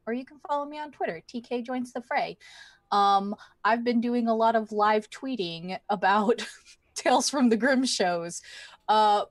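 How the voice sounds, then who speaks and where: A woman's voice: mid-range voice, no room sound. Chatty, laughing woman player, dry mic. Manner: chatty and laughing, loose and informal. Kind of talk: casual chat at a gaming table.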